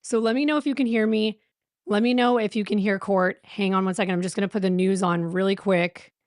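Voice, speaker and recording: A woman's voice: medium pitch, steady tone, fairly quick, dry recording, studio quality. A young woman hosting a true crime livestream in a casual, jittery and anxious way, sighing and breathless. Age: young adult. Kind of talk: nervous casual livestream chat. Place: home streaming setup with a fan running.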